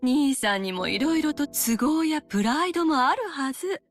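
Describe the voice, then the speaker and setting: A woman's voice: high voice, animated, fast, soft background music. An actress voicing a scheming middle-aged woman in a visual novel, speaking in a sickeningly kind, cutting way. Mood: sweetly cutting. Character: scheming middle-aged woman, sharp-tongued elder sister. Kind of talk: voiced visual novel dialogue.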